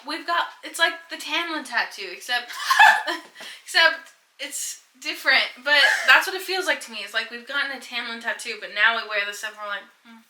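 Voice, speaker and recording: A woman's voice: on the high side, quick pace, few pauses, bright, forceful tone, reverberant, a little hiss or hum, low-quality recording. A young woman chatting casually on a book vlog, teasing her friend and prompting the questions. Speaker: book vlogger. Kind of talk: casual chat.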